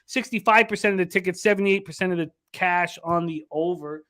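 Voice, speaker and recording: A man's voice: sits high, fairly quick, bright, forceful tone. A man hosting a sports betting show in casual talk, rambling, frustrated and swearing often. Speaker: sports betting podcast host.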